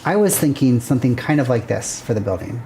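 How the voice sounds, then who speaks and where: A woman's voice: rumbling low, lively intonation, a little fast, mellow, a little hiss or hum. A woman hosting a livestream, casually thinking aloud and chatting with viewers while she sketches a building plan. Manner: rambling, self-correcting, chatty with viewers. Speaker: livestream host.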